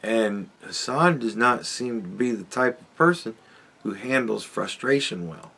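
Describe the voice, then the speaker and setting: A man's voice: mid-range voice, animated, measured pace, creaky, bright, forceful tone, husky. A man hosting a podcast, giving a sardonic, profanity-laced commentary monologue and chuckling often. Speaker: podcast host.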